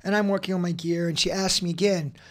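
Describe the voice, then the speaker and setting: A man's voice: sits high, level tone, fast talker. Intense, blunt-talking man in his forties. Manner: intense, blunt, swears, frequent restarts. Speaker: podcast guest. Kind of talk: emotional personal storytelling.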